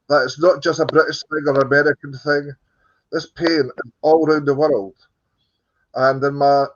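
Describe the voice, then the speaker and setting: Scottish man, earnest, lo-fi call. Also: mid-range voice. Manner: earnest storytelling, frequent ums, dry jokes. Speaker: guest film producer. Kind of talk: casual interview chat.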